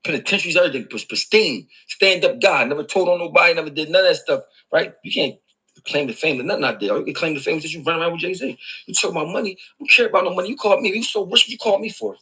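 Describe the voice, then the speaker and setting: Raspy, fast man ranting. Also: a little high, pushed and bright, poor audio. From Philadelphia. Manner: mocking, repetitive, sarcastic. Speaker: rapper in an online feud. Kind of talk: heated taunting rant.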